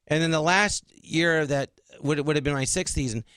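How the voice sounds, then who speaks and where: A man's voice: a little high, brisk, smooth, no room sound. Middle-aged man telling stories animatedly. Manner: animated, acts out quoted dialogue. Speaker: guest comedian. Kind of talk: casual interview storytelling.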